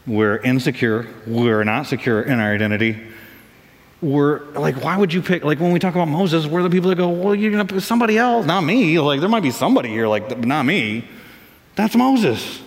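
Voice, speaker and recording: A man preaching a sermon as pastor, lively and animated, acting out voices for comic effect. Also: medium pitch, a little fast. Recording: long reverb of a large hall.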